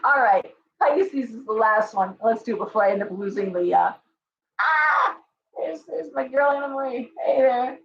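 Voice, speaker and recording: A middle-aged woman hosts a live tarot stream with a blunt, scolding, profane delivery. Her voice sits a little high. The sound is roomy and somewhat muffled, with faint noise underneath. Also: expressive, moderate pace, fairly bright tone. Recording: echoey, dull live-stream audio.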